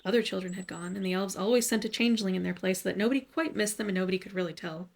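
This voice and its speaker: Soft, gravelly bedtime storyteller woman. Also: medium pitch, rapid-fire. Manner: soft, soothing delivery. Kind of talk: gentle bedtime story narration.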